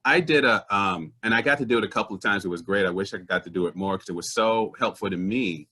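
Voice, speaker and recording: A man, a comedian, telling stories in conversation, animated and earnest, slipping into other people's voices. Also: on the low side, fast. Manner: earnest and indignant about social issues. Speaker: comedian guest. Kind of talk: conversational storytelling.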